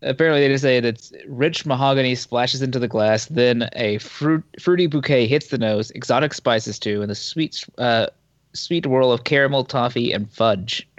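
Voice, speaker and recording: A man's voice: mid-range voice, moderate pace, dry recording, dull audio. A man co-hosting a casual talk show, reading news aloud with small slips and asides. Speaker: podcast co-host.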